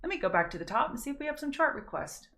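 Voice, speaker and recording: Her voice is high, sing-song and a bit bright, with a Southern Louisiana accent, as she runs a relaxed live pre-market trading broadcast. She chats in a folksy way, calls out viewers by name, and takes her time to pronounce words carefully.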